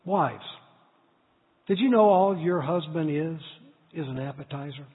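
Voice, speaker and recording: A man preaching a sermon, telling stories earnestly and building to loud emphasis. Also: a little high, measured pace, husky. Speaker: pastor. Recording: tinny echoey hall recording.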